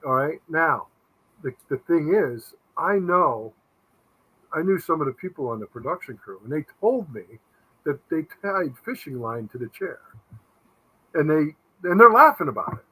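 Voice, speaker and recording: Bright-voiced skeptical man telling stories. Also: on the high side, very animated, moderate pace, slightly rough, low-quality recording. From Connecticut, USA. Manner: blunt, skeptical storyteller. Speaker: guest, paranormal investigator. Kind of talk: casual chat.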